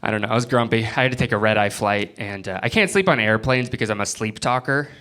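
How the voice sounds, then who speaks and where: On a club stage before a live crowd, a young comedian from Florida runs through his set, impersonating people in rapid little bits. His energy is animated, his voice leaps high when he plays characters, and the audience laughs throughout.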